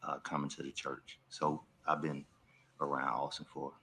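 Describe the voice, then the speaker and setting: A man's voice: rumbling low, little pitch movement, moderate pace, pushed and bright, a little hiss or hum. A man testifying in a courtroom as a witness, answering tersely and hesitantly. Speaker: youth football coach.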